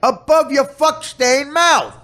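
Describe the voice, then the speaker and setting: A man's voice: very high voice, expressive, takes it slowly, voice pushed up, heavily acted. A man voicing a foul-mouthed middle-aged movie cop who barks strings of vulgar insults. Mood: ranting. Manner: hurls strings of profane insults in shouted bursts. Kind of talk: comic impression on a podcast.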